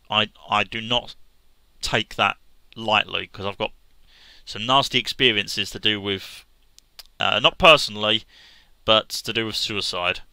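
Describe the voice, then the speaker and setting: A man talking sincerely to camera as a gaming vlogger, halting with restarts and fillers. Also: lowish voice, gravelly, bright, forceful tone, clear, resonant tone, no echo. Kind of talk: casual earnest talk to camera.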